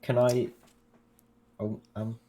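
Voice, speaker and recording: A man's voice: medium pitch, flat delivery, slow, warm tone. A man taking part as a player in a tabletop game, speaking in short, tentative bits and asking before he acts. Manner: tentative, asks before acting.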